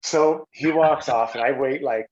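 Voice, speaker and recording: A middle-aged Canadian man, a former hockey player, telling stories casually on a podcast and acting out quotes with a raised voice. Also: measured pace. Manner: animated, acts out quotes with raised pitch. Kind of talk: casual storytelling. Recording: slightly dull lo-fi audio.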